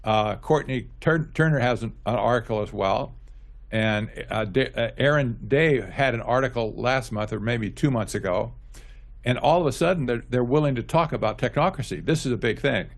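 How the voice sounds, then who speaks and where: Halting man with a gravelly voice. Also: mid-range voice. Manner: halting, repeats words, laughs lightly. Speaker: guest author. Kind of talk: casual interview chat.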